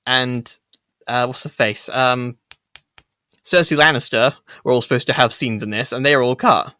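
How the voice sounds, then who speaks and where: A man's voice: medium pitch, fairly even intonation, normal speed, pushed and bright, no room sound, clean studio sound. A man who is a guest on a film podcast, asking playful questions in casual chat.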